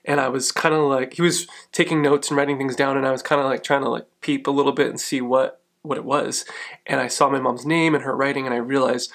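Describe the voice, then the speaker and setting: A man in his thirties casually telling stories to the camera in a chatty, animated way, laughing often. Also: medium pitch, a little fast, creaky. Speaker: vlogger. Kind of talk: casual vlog storytelling.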